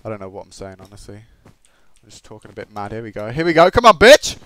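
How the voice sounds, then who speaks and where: An excitable Australian man giving gameplay commentary, swearing and swinging between shouted outbursts and low muttering. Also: quick pace, dry recording. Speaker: gaming commentator.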